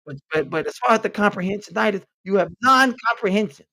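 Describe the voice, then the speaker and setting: A man with a high-pitched speaking voice hosts a comedy segment, dishing out blunt, profane mock-medical diagnoses. His delivery is direct and unfiltered. He sounds close to the mic in a dry, dead space. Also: lively intonation, fast, vocal fry, sharp tone, no echo, low-quality recording. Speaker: podcast host. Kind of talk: comic advice bit reading messages aloud.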